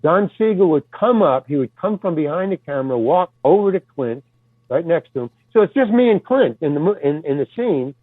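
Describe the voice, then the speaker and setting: An older man spins a lively anecdote in a loose, casual way, with a fairly high voice for a man. The sound is thin and phone-like, with no room echo at all. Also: brisk. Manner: animated storyteller, casual swearing. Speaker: guest actor. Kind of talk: storytelling anecdote in conversation. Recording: dry, tinny phone-like sound.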